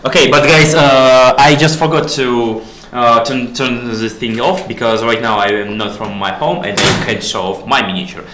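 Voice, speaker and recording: A man's voice: medium pitch, steady tone, normal speed, few pauses, background noise. A man with a Russian accent hosting a casual stream, hesitant and full of fillers, asking his guest questions. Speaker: stream host. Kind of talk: casual dev stream chat. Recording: echoey room.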